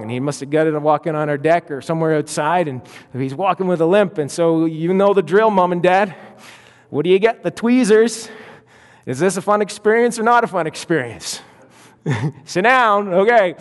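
High-voiced pastor in a reverberant hall. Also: male voice. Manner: emphatic, slowing down for key lines. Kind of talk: sermon.

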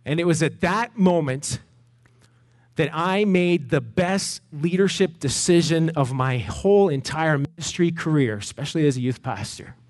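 A middle-aged man from Canada, a pastor telling a lively story in a sermon and acting out the voices of the people in it. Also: a little high, moderate pace. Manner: animated storyteller, acts out voices.

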